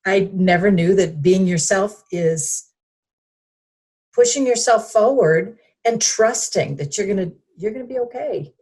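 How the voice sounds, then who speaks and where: A woman's voice: mid-range voice, animated, measured pace, darkish tone, slightly rough. A woman guest in a conversational interview, reflective and hesitant, with frequent fillers.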